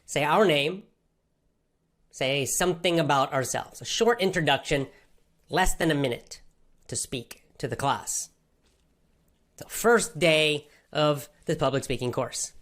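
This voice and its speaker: Low-voiced woman repeating for emphasis. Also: a little slow, pauses often. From Athens, Georgia, USA. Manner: simple words, heavy repetition, emphatic. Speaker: English-learning podcast host. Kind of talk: personal story told to language learners.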